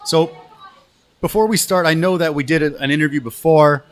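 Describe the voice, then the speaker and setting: A man's voice: fairly high pitch, normal speed. A man hosting a casual live show over food, laid-back and chatty, calling his guest brother. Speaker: host, restaurant owner.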